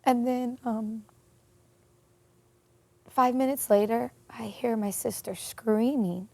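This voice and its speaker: A woman telling a painful personal story in an interview, earnest and emotional, with many pauses and fillers. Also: fairly high pitch, steady tone, gravelly, dark tone, dry recording. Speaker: interview guest.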